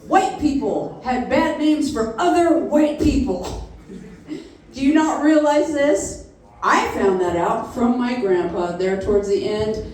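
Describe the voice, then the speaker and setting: A woman's voice: fairly high pitch, animated, takes it slowly, darkish tone, recorded from a distance. A woman in her fifties doing a stand-up comedy set, telling blunt, profane stories on a comedy venue stage. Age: 50s. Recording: echoey room picked up from afar.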